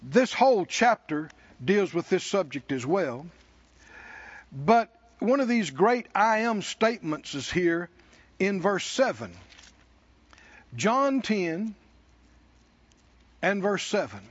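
A male preacher delivering a sermon, leading the congregation in call-and-response with slow, emphatic lines. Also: sits high, sing-song, lo-fi sound.

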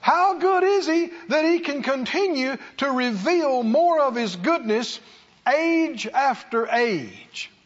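A man's voice: very high voice, lively intonation, slow, muffled recording. A man preaching a sermon in a church, with emphatic, repetitive call-and-response delivery. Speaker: pastor.

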